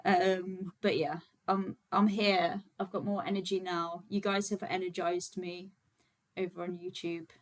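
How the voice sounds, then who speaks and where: A woman's voice: lowish voice, level tone, unhurried, slight background noise. Chatty woman livestreaming. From Birmingham, England. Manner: chatty and informal, many fillers, talks to viewers while setting up. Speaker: livestream host, vegan activist. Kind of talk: casual livestream chat.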